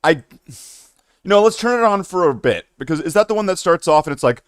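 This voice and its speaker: A man's voice: high-pitched, animated, brisk, no echo, studio quality. Joking, profane Canadian man streaming. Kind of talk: casual live-stream chat.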